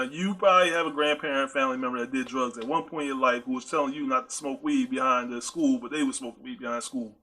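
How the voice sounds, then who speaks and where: Fast-talking, bright-voiced male podcast host. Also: mid-range voice, fairly even intonation. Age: adult with a high-school-age nephew. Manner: chatty, repetitive, addresses listeners directly; storytelling with playful asides. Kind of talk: casual monologue podcast.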